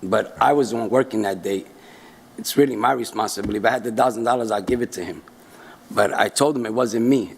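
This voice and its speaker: A man's voice: lowish voice, vocal fry, husky, big-room sound. A store employee speaking earnestly at a public hearing, explaining himself and repeating his points. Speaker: store employee addressing board. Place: city council chamber.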